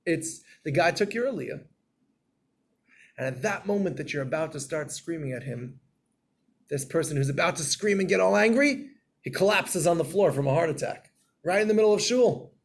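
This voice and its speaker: A man giving a Torah class in a storytelling way, acting out scenes and getting loud and animated. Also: on the high side, moderate pace.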